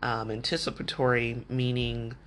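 A man's voice: mid-range voice, level tone, normal speed, a bit bright, slight background noise. A man hosting a podcast, talking through advice in a candid, chatty way and acting out the things people said to him. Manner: candid and chatty, often acting out quoted remarks. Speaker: podcast host. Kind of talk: casual advice podcast talk.

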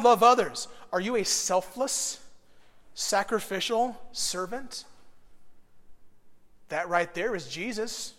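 A man preaching a sermon as a pastor. He talks conversationally, dropping to a hushed, earnest tone and then rising into loud bursts. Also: high-pitched. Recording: long hall reverb.

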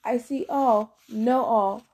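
Lady reading as a show-off teen sun god, high and loud, super pleased with himself. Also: takes it slowly, breathy edge, full character voice. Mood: cocky, playful. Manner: boastful, cheerful, showy.

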